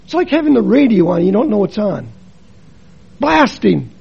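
A man preaching with a high, husky voice. He tells stories in a sermon, shifting between quiet and emphatic delivery. The recording sounds dull and lo-fi. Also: sing-song, normal speed. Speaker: preacher and missionary.

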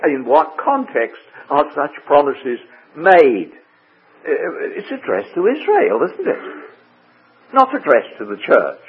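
A man teaching through a Bible passage verse by verse, measured and full of rhetorical questions. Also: on the high side, husky. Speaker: preacher. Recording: tinny phone-like radio broadcast.

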